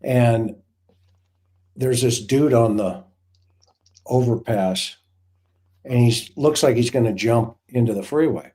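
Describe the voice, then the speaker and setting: A man's voice: medium pitch, takes it slowly, pauses often, dark tone. A former hostage negotiator, a man, telling a rambling, vivid story in casual chat with many restarts.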